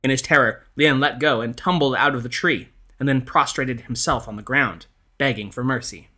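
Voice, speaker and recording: A man reading an old ghost story aloud in a measured, expressive storytelling style. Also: medium pitch. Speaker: podcast narrator. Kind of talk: scripted storytelling narration.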